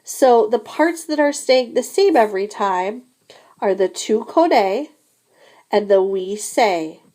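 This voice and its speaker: A woman teacher walks beginners through a French lesson. She speaks at a deliberate, unhurried pace and sounds out each phrase clearly so students can repeat it. Her voice sits at a middle pitch. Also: lively intonation, dark tone. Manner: slow, careful modeling of French phrases. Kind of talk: classroom language lesson.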